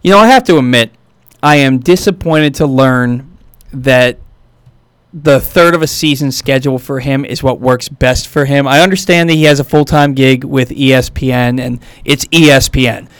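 A man's voice: mid-range voice, no echo. A male sports radio host talks in a chatty, enthusiastic way, moving from opinions to a sponsor read. His voice sits in a middle range, and the studio sound is dry and close. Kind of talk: casual sports talk radio.

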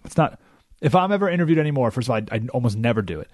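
A man's voice: medium pitch, animated, racing, dry recording. A man hosting a radio talk show, delivering an emphatic, sarcastic opinion monologue from a studio.

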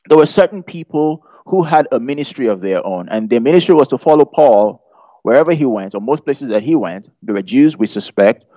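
A man's voice: medium pitch, dark tone, no room sound. A man preaching a conversational sermon, chatty and humorous, often putting questions to the audience. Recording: dull lo-fi sound.

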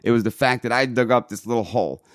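A man tells a crude, lively story in casual conversation, swearing freely and shouting out the quoted lines. His voice sits in a middle register. The sound is dry and close to the mic. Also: medium pitch, fast, no room sound. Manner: profane, animated, acts out shouting in quotes.

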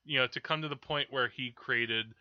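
A man's voice: medium pitch, steady tone, normal speed, no room sound, lo-fi sound. Male co-host, eager and rambling, close dry mic. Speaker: podcast co-host. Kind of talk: casual film podcast chat.

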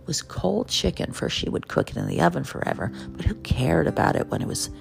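Gravelly, swooping host voice, keyed up and confessional, recorded at home over background music. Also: mid-range voice, brisk. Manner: excitable, jazzed up, drops into hushed asides. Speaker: podcast host and memoir author. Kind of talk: personal gratitude monologue. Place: home, early morning, quiet for neighbors.

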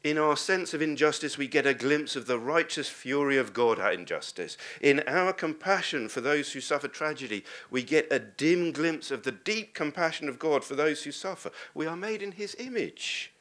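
A man's voice: a little high, animated, normal speed, hardly any pauses, fairly bright tone. A man preaching a sermon, earnest and posing rhetorical questions to the congregation.

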